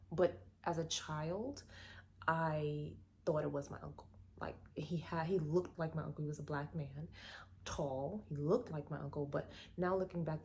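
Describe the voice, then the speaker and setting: Woman vlogger, lowish mellow voice, chatty storytime delivery. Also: vocal fry, a little hiss or hum. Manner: casual, animated, many fillers. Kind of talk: storytime vlog.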